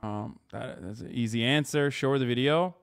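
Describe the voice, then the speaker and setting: A man's voice: mid-range voice, normal speed, clear, resonant tone, no echo. Sarcastic sweary guy streaming, dry close sound, talks blunt. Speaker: streamer host. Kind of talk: casual reaction-stream chat.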